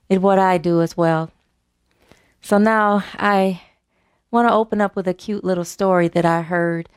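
A woman's voice: mid-range voice, clean tone, no room sound, studio quality. A woman giving a casual sermon to her spiritual community, chatty, with restarts and a joke. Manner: chatty and warm, with restarts and a joking anecdote. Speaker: speaker giving the talk at a spiritual community service.

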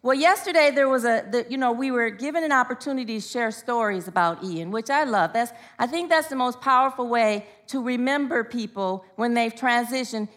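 A middle-aged woman minister giving a sermon, telling stories with laughs and asides and rising excitedly when she quotes people. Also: a little high.

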